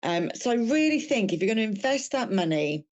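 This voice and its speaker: A woman's voice: medium pitch, very animated, fairly quick, lo-fi sound. A woman with an English-tinged accent chatting casually about business as a podcast guest, with plenty of fillers and restarts.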